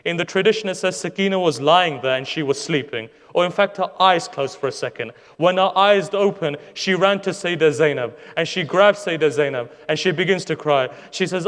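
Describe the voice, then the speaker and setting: A man with a high voice delivers an impassioned sermon and tells a story with drama. His words ring out through a large hall with a long reverb trailing each phrase. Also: a little fast, few pauses, a bit bright. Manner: impassioned storytelling, dramatic retelling with quoted speech. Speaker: preacher. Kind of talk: Muharram majlis sermon.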